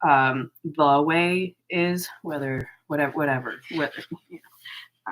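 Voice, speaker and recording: A woman's voice: low voice, a little slow, slight background noise. A woman hosting her own channel, talking frankly and profanely in a casual vlog monologue, with fillers and mocking asides. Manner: frank, profane, animated storytelling with mocking quoted voices; frequent fillers and laughs. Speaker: channel host.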